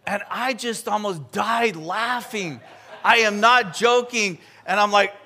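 High bright-voiced preacher telling a story. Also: male voice, husky. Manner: animated storytelling with quick asides. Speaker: pastor. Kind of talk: sermon.

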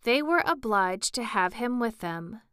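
A woman voicing a sad, slow-talking old male Mock Turtle in a storybook reading, mournful and easily offended. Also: a little high, animated, fairly bright tone, clear, resonant tone, no echo, studio quality, voice pushed up.

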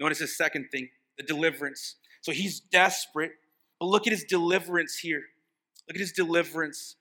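A man delivers a sermon as a pastor, his voice sitting high and sounding strikingly bright and forceful. He keeps asking the congregation questions and slips into chatty voices when he acts out what the demons are pleading. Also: fairly quick. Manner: preaching with rhetorical questions, acting out demons' pleas.

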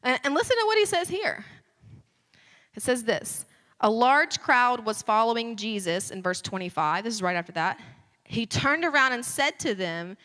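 A woman preaches a sermon in a high, bright voice. She talks conversationally, then builds to fervent emphasis. Her voice rings with the long reverb of a large church hall. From United States.

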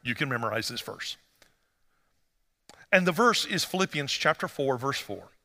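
A man preaching a sermon as pastor, conversational and storytelling, rising to animated emphasis. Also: medium pitch, moderate pace, big-room sound.

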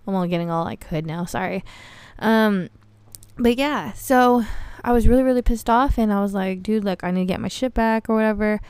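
A young woman tells a story in a blunt, animated way, full of slang and swearing. Her voice is smooth and clear. The sound is close and dry. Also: medium pitch, normal speed, pauses often, no room sound. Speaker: podcast host. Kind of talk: casual storytelling monologue.

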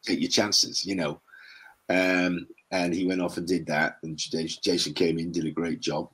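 An older man, a guest actor, telling rambling anecdotes in an interview and clearing his throat now and then. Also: sits low, level tone, moderate pace, a bit bright. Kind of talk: interview chat, storytelling.

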